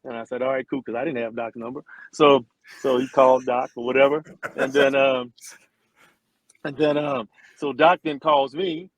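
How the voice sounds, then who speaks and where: As an interview guest, a middle-aged ex-football player and singer tells a long, animated story at a moderate pace, acting out the people he quotes and frequently restarting his sentences. His voice is mid-pitched, and the audio is close, dry, and dull, with no echo.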